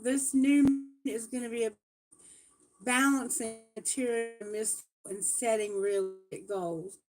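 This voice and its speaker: A woman with a fairly high voice gives a live tarot reading, chatting casually and correcting herself along the way while reading lyrics and prayers aloud. The audio, recorded on a phone, is poor.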